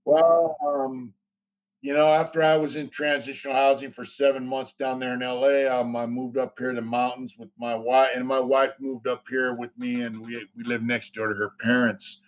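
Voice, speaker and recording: A man's voice: medium pitch, flat delivery, normal speed. Guy rambling thru his story, swears a lot, lots of you knows, kinda muffled audio. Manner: rambling, profane, many fillers. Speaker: interview guest. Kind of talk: casual storytelling.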